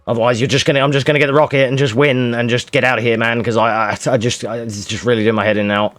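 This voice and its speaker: A man giving frustrated, swear-heavy live commentary while speedrunning a game, muttering to himself and shouting at the game. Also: mid-range voice, level tone, quick pace, few pauses, dry recording, soft background music. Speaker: speedrunner streaming.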